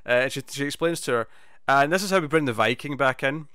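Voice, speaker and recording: Smooth-voiced man recapping a show. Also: mid-range voice, quick pace, pushed and bright, no room sound, clean studio sound. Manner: rambling amused plot recap. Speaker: podcast co-host. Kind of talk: casual TV review chat.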